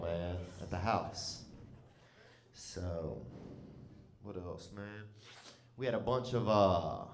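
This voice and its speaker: A man's voice: on the low side, roomy sound. A man telling a comic story in a loose, rambling, profane way, often breaking into laughter. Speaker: comedian.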